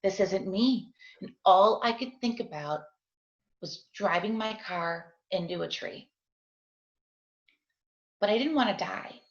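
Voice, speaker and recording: A woman's voice: mid-range voice, animated, unhurried, pauses often, echoey room, dull audio. A middle-aged woman, a guest in an interview, giving a heartfelt personal testimony as a parent. She speaks in an earnest, confessional way and often checks in with "right?". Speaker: guest sharing her story as a parent. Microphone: video call.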